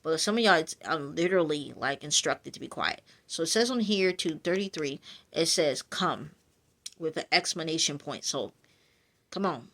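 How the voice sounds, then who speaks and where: A woman's voice: low-pitched, lively intonation, moderate pace, a bit bright. A woman reading a casual prophetic message of encouragement, chatty and full of fillers, addressing her listeners directly. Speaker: spiritual message reader.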